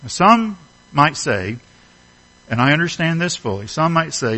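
Middle-aged guy preaching, slightly high voice, big lively swings, keeps throwing questions at the folks. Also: measured pace, long pauses, poor audio. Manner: earnest, emphatic preaching with rhetorical questions. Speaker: pastor. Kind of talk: sermon.

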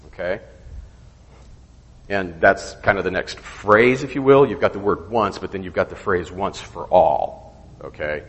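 A man's voice: lowish voice, long reverb tail, rough recording. A man teaching an informal Bible study, asking questions and checking in with "okay?", sometimes stopping to search for words. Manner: conversational, asks questions, frequent "okay?" checks.

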